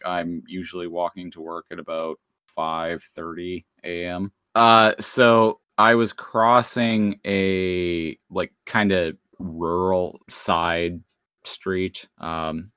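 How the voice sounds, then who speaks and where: Laid-back male podcast co-host, slow and low, dry close sound. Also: fairly bright tone, clear, resonant tone, dry recording. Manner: unhurried storytelling with many "uh" and "like" fillers. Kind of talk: casual podcast chat.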